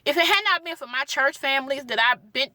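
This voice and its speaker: A woman's voice: sits high, a little fast, sharp tone, no echo, studio quality. A young woman, a gospel singer, giving an emotional personal testimony, pleading and repeating her words for emphasis, at times tearful. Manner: pleading, repeats phrases for emphasis, Southern Black church cadence.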